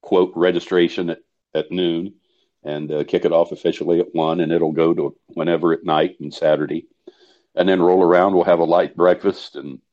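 A man calling in as a guest to explain an event he is organizing, speaking haltingly with many fillers. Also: deep voice, darkish tone. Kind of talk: call-in guest chat. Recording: dull lo-fi sound.

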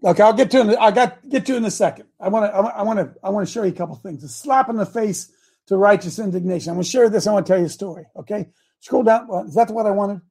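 A man hosting an online group talks through a long, rambling story and keeps restarting his sentences. His voice is high for a man, with a gravelly and husky edge. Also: rapid-fire, warm tone. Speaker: host.

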